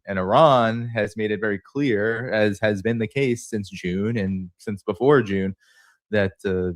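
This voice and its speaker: A man's voice: on the low side, no echo, clean studio sound. A man hosting an interview, asking long, rambling questions full of fillers. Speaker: show host.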